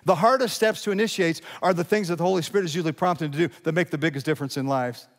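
A man's voice: a little high, rapid-fire, long reverb tail. A male pastor preaching a sermon in a conversational style, asking rhetorical questions and building to emphatic peaks.

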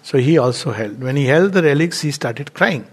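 A man's voice: medium pitch, lively intonation, normal speed, husky. A man giving a spiritual talk, telling anecdotes in a loose, storytelling way with fillers. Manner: anecdotal, warm storytelling with frequent fillers and laughs. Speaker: spiritual teacher.

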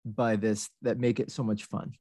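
A man's voice: fairly low pitch, little pitch movement, moderate pace, mellow, slightly rough, dry recording, studio quality. A man co-hosting a casual movie podcast, speaking emphatically and bluntly. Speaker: podcast co-host. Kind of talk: casual chat about movies.

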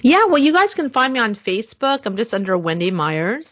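A woman's voice: fairly high pitch, sing-song, brisk, dry recording. A woman speaking as a guest in a casual podcast interview, earnest and enthusiastic, with frequent fillers. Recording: dull slightly lo-fi dry sound.

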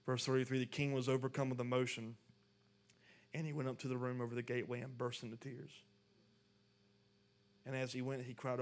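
A man's voice: medium pitch, level tone, a little fast, pauses often. A man preaching a sermon, reading scripture aloud and then pressing his point with rising intensity. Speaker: pastor.

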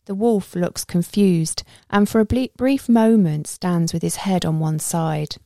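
A woman narrates a first-person adventure story in a steady, measured way. Her voice is low and mellow with a gravelly texture. The recording is close and dry. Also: no echo. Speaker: audiobook narrator.

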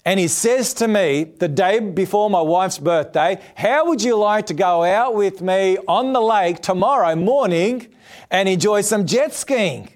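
Animated man preaching a sermon. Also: measured pace. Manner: animated storyteller, voices quotes with big pitch jumps. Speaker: pastor. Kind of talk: sermon with personal story.

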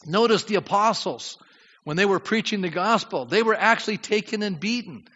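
A man preaching a sermon as pastor, lively and questioning his congregation. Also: high-pitched, moderate pace. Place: church sanctuary. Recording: dull sound with long hall reverb.

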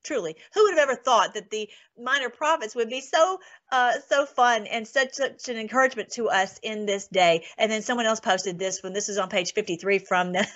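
A woman hosting an online show, talking casually and excitedly, reading scripture aloud and laughing often. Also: medium pitch, moderate pace. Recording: dull lo-fi sound.

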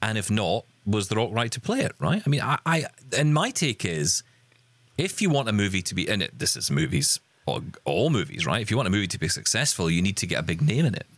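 A man's voice: lowish voice, very animated, a little fast, fairly bright tone, dry recording. A man hosting a casual panel podcast, rambling and interrupting himself, with frequent laughs. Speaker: podcast host.

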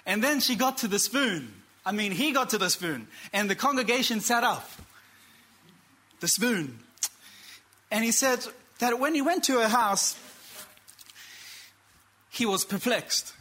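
High bright-voiced male preacher. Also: expressive. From Australia. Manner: dramatic pauses, quotes characters, calls for amen. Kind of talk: sermon storytelling.

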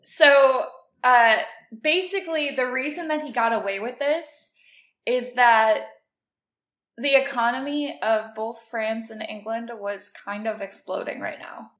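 Female podcast co-host, slightly high voice, chatty explainer, roomy echo. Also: measured pace, fairly bright tone. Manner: explaining history facts in a chatty way. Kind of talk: casual chat.

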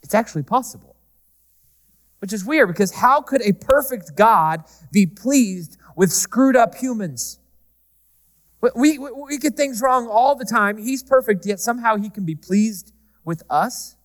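A man preaching a sermon, talking to the congregation in a conversational, humorous way and shifting often between loud and soft. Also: sits high, animated, a little slow. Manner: conversational preaching with humor, varying pace and volume. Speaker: pastor. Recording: reverberant hall.

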